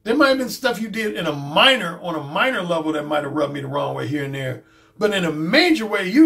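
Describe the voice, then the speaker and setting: A man's voice: sits high, fairly bright tone. A man hosting his own channel, giving a casual, blunt and profane commentary monologue and repeating his points. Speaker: dating coach and YouTube host.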